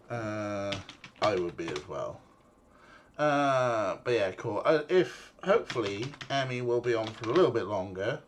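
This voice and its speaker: A man's voice: on the low side, a little hiss or hum. A man streaming a game, chatting casually and rambling, with frequent fillers and the odd swear word. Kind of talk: casual livestream chat.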